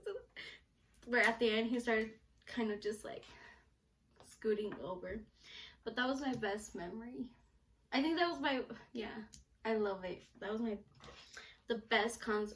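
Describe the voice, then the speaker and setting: Young female vlogger, slightly high voice, chatty and animated, casual storytelling to camera. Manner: chatty, animated, lots of filler "like".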